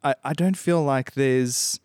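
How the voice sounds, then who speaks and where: A man's voice: medium pitch, slow pace, darkish tone, clean tone, no room sound, clean studio sound. A man chatting casually with friends, eagerly explaining film scenes in detail. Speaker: podcast co-host. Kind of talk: casual chat.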